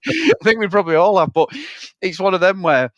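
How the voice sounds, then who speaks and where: A man's voice: high voice, very animated, a little fast, a bit bright, no echo, lo-fi sound. Sweary chatty man. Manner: sweary, rambling retellings of scenes. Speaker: podcast co-host. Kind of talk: casual film chat.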